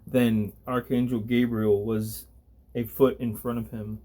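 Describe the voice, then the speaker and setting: A man reading a story aloud as narrator, at a deliberate pace. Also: medium pitch, little pitch movement, mellow.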